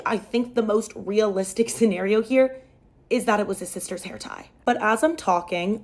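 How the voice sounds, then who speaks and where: A young woman retelling a story aloud in a chatty, animated way. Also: medium pitch.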